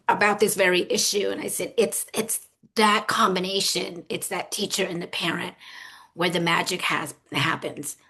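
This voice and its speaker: Woman, webinar host, low flat voice, conversational, affirming. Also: husky. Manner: conversational, affirming with frequent mm-hmms. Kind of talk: webinar discussion.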